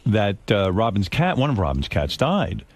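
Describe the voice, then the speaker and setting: A man's voice: on the low side, sing-song, normal speed, darkish tone. A man hosting a radio talk show, teasing his guests and probing them with pointed questions in a studio. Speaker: radio host. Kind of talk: casual radio banter.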